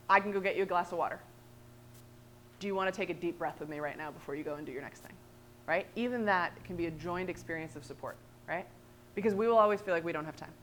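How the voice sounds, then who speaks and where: A woman trainer presenting a workshop, lively and animated, often checking in with "right?". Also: fairly low pitch, a little hiss or hum.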